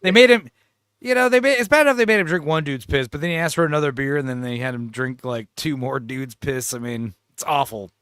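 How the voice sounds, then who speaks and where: A man's voice: mid-range voice, a little fast, fairly bright tone, clean tone, no echo, clean studio sound. A man co-hosting a casual film chat, telling the story animatedly and laughing often. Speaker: podcast co-host.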